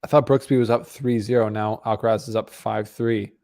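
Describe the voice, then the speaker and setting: A man hosts a live watch-along stream with a low, gravelly voice. His commentary is casual and rambling. He drifts between play-by-play and chatting with viewers. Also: steady tone, brisk, darkish tone. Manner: casual, rambling, talks to chat. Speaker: stream host. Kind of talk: live match commentary and chat.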